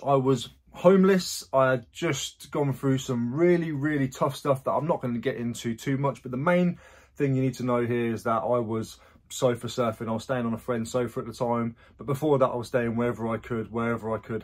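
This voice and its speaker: A man, chatting casually in a rambling vlog about his resale sales and his past. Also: mid-range voice. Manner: chatty, rambling, self-correcting asides. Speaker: online reseller.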